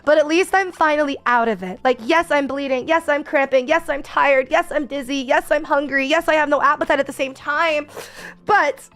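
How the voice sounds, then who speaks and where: A young woman streamer talking candidly in a casual, expressive chat with her viewers. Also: high-pitched, moderate pace.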